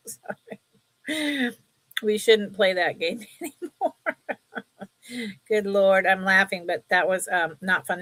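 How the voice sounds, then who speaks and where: Selling casually on a live stream from her table, a woman chats, rambles, and laughs a lot while holding up items. Her mid-range voice is bright and forceful, and there is no room sound.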